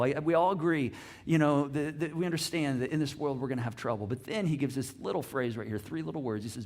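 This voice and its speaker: A middle-aged man preaching a sermon as pastor, animated, swinging from loud emphasis to soft hushed lines and asking the congregation questions. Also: a little high, quick pace. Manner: repeats words on restarts, asks the congregation questions.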